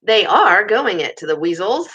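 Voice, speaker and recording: A woman voicing a calm, firm old male badger who leads his friends, in a muffled recording. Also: fairly high pitch, moderate pace, full character voice. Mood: placid. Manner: placid, firm commands.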